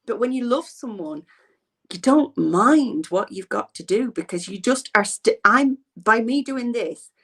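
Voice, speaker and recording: A woman's voice: a little high, expressive, measured pace, fairly bright tone. A middle-aged woman in an interview, telling a personal story in an earnest, rambling way and often repeating herself.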